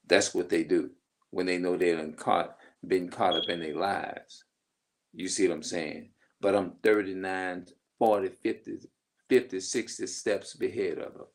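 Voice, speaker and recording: A man's voice: deep voice, gravelly. A middle-aged man in a rambling, emphatic casual monologue, swearing freely as he vents. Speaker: vlogger.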